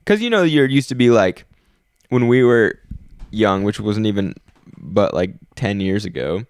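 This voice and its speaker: A man's voice: on the low side, animated, unhurried, no room sound, clean studio sound. A young man co-hosting a podcast, rambling in casual chat and trailing off mid-sentence. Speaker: podcast co-host.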